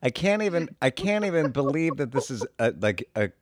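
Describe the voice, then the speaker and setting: A man's voice: medium pitch, sing-song, fairly quick, no room sound, clean studio sound. A man chatting on a comedy podcast, incredulous and exasperated, stammering and acting out other people's voices.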